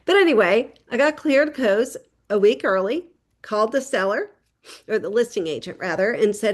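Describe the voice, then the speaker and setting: A woman real estate agent gives a casual tip to other agents. She talks in a chatty, storytelling way and slips into quick voices for the people in her story. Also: medium pitch. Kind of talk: casual how-to tip video.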